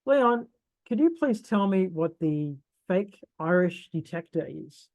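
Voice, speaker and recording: A quizmaster reading trivia questions and handing out points in a brisk, teasing way. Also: mid-range voice, expressive, a little mellow, no room sound. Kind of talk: casual party game hosting.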